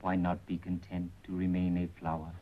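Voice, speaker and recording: An actor playing a watchful man who speaks in measured proverbs and clipped broken English in a 1930s film. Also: sits low, monotone, natural voice. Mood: calm. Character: watchful, aphorism-spouting male observer. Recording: muffled old 1930s film soundtrack.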